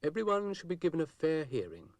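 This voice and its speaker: A man doing a calm magic jack-in-the-box. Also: a little high, brisk, no echo, pitched above the performer's own voice.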